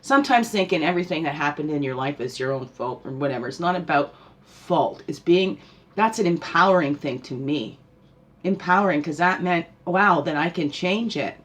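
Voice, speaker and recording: A woman's voice: sits low, lively intonation, moderate pace. A woman hosting a spiritual podcast, talking casually and animatedly, often laughing and asking the listener questions. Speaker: spiritual guide and podcast host.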